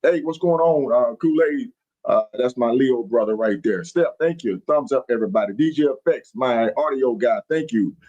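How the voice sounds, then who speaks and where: A man's voice: medium pitch, moderate pace, warm tone. Man, podcast host, folksy, repeats greetings, lo-fi stream sound. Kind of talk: live-streamed podcast chat. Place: on the road while traveling.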